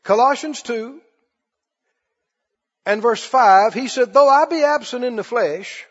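A man with a very high voice takes his sermon slowly, preaching emphatically, repeating phrases, and calling on the congregation to answer back. The sound is dull and lo-fi, with long hall reverb.

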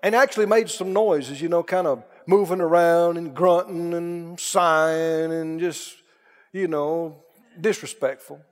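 A male preacher with a high, light voice tells his story slowly, in a plain folksy way, and then builds to fervent preaching. His words ring out with the long reverb of a big hall. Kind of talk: sermon with storytelling.

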